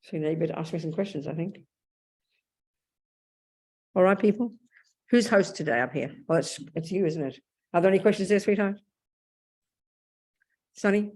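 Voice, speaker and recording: A woman's voice: lowish voice, moderate pace, long pauses, a little mellow. A woman with an Australian accent giving a blunt, emphatic dharma talk as a Buddhist nun, calling her listeners darling.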